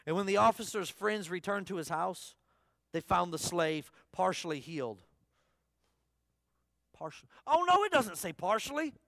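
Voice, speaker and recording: A man with a notably high voice preaches to a full church in a casual, conversational way. He asks the congregation questions and circles back to repeat his key phrases. The sound is dry and close, with little room echo. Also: fairly bright tone. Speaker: pastor. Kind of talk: sermon. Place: church service.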